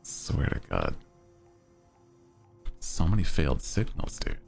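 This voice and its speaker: A man's voice: a bass voice, wildly swooping pitch, takes it slowly, vocal fry, a little mellow, soft background music. A man chatting casually on a live stream as its host, with a melodic, lilting delivery that rises at the ends of sentences.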